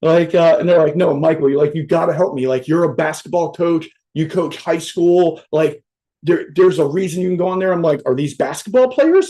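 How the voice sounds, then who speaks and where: On a video call for a virtual event, a motivational speaker with a fairly high, dark-toned voice talks briskly. His casual, profane pep talk jokes and rambles, and he adds "right?" after nearly every point. The recording quality is low.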